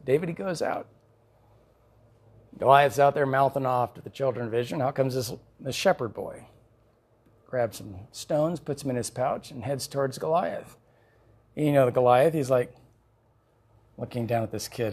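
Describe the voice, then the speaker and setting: A male pastor preaching a sermon, telling the story in an animated way with chuckles. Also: medium pitch, moderate pace, long pauses, breathy edge.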